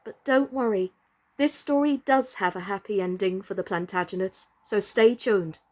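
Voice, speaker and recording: A woman reading a children's book aloud as a storyteller, slow, gentle and expressive. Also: medium pitch.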